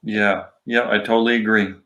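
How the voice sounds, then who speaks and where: A man's voice: on the low side, little pitch movement, moderate pace, a bit bright. A man guesting on a podcast as a golf instructor, answering in brief, agreeable replies. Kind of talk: casual interview chat.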